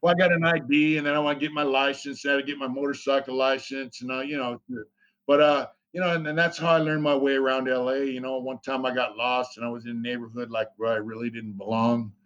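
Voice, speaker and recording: A man's voice: mid-range voice, little pitch movement, quick pace, a bit bright. Male interview guest, casual storyteller, rambling and profane, dull lo-fi sound. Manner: rambling, profane, many fillers.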